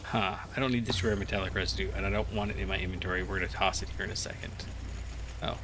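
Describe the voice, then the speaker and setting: Racing along in a low voice with fairly even intonation, a groggy gaming host, fresh from a nap, rambles through casual Let's Play commentary full of fillers. Background noise accompanies him.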